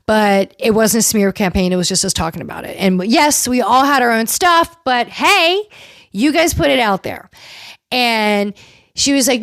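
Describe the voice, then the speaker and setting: A woman's voice: mid-range voice, dry recording, studio quality. A woman host casually recapping a reality TV episode, animatedly acting out what the cast said. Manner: animated retelling, acts out quotes. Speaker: podcast host.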